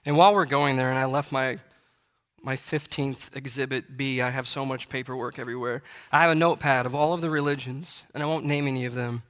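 His medium-pitched, slightly bright voice holds a steady tone and moves a little fast. Preaching in a church sanctuary, he reads scripture in King James wording and builds with rising intensity to repeated, emphatic declarations, all under long hall reverb.

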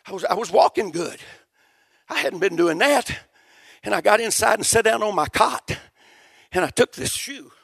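Casting: male preacher with a very high, gravelly voice, folksy testimony that builds to shouting. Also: animated, moderate pace, long pauses, dry recording. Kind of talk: sermon testimony.

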